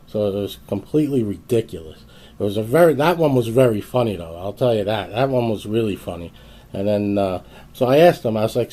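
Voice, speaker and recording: A man's voice: fairly low pitch, lively intonation, brisk, dark tone. A man hosting his own video channel, telling a story in a casual, exasperated rant full of restarts. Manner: exasperated, ranting, lots of restarts. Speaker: YouTube host.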